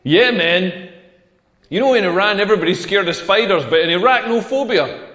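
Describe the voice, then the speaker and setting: A man's voice: high-pitched, lively intonation, normal speed, fairly bright tone. A man playing a cheeky stand-up comedian who delivers crude pun jokes in a set. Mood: deadpan. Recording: echoey club hall.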